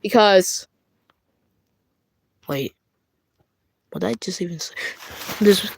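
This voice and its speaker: A woman's voice: medium pitch, slow, vocal fry, husky, no room sound. Young British woman bickering with herself. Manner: bickering back and forth between two characters in one voice; stumbling, restarting and rambling. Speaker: puppeteer voicing plush toys. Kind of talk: playful plush puppet skit.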